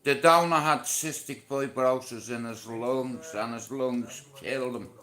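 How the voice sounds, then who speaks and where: A middle-aged man with an Irish accent recounts his family's story at an unhurried pace. His voice has a bright, forceful edge. He speaks bluntly and from the heart, swearing as he goes. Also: medium pitch, fairly even intonation. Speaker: vlogger. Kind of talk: personal storytelling to camera.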